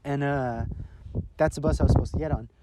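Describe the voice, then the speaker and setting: A young man casually telling a long, profane story as a podcast co-host, acting out what people said in loud bursts. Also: mid-range voice, fairly even intonation, a little fast. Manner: profane, rambling, acts out quotes loudly. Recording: loud noise behind.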